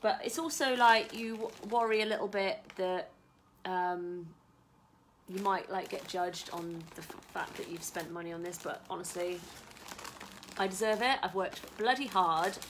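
Excited woman chatting on a live stream at home, bright voice, a bit of background hum. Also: fairly low pitch, moderate pace. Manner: excitable, chatty, swears casually. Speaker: vlogger. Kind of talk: casual live-stream chat.

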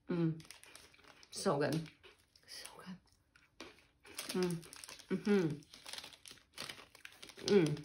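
A woman's voice: on the low side, a little mellow, slight background noise. A woman chatting casually while tasting snacks, murmuring and laughing as she eats. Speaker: snack reviewer.

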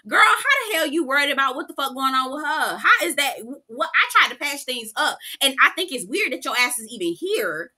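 A woman's voice: high-pitched, sing-song, a little fast, hardly any pauses, sharp tone. A young woman giving a casual, profane, slangy recap of a reality show episode. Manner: sassy, profane, slangy storytelling. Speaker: TV recap reviewer.

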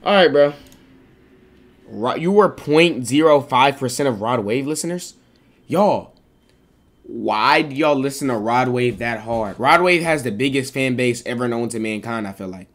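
A young man streaming live, reacting in a casual, rambling way, protesting over and over with excitable energy. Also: mid-range voice, measured pace.

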